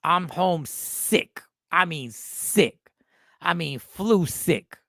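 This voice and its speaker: A man's voice: on the high side, animated, slow pace, creaky, a bit bright, no echo, clean studio sound. A man in his fifties, a comedian and host, telling a rambling, self-mocking story in a casual style.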